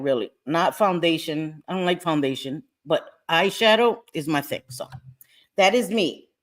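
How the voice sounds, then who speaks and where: Chatty woman livestreaming to viewers. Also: sits low. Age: older. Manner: chatty, laughs often, animated. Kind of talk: casual livestream chat with viewers.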